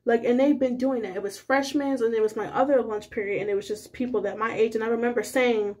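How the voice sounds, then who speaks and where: A young woman with a high, light voice tells a casual story to her viewers. She rambles loosely and fills her sentences with constant fillers. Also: quick pace, few pauses. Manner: rambling, filler-heavy, animated retelling. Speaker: vlogger.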